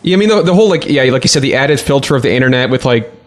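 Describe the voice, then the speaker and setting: A man in casual podcast talk, making wry quick remarks. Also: mid-range voice, animated.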